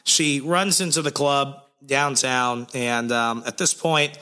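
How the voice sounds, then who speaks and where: A man recapping comics as a podcast co-host, laid-back and sarcastic, slightly hoarse, swearing casually. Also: mid-range voice, steady tone, slow pace, bright, forceful tone. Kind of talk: casual chat.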